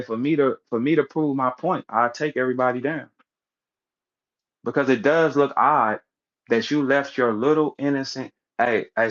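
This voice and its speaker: A man rants in a heated, profane stream of talk, slipping into other people's voices as he tells stories. His voice sits at a middle pitch. The audio is dull and lo-fi, like an online voice room. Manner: profane, animated storytelling, acts out voices of others. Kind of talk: heated casual rant.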